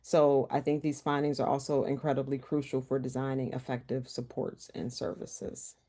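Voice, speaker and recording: A woman's voice: very deep voice, flat delivery, normal speed, dark tone. A woman researcher presenting a workshop talk over a video call and answering questions in an earnest, conversational way. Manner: earnest, conversational, some restarts.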